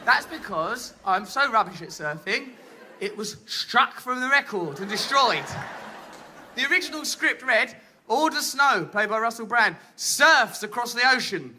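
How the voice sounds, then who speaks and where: A man's voice: very high voice, lively intonation, a little slow, noisy background. A man with an English accent performing a theatrical, flamboyant stand-up comedy routine on stage. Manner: theatrical, flamboyant, mock-grandiose. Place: comedy stage before a live audience.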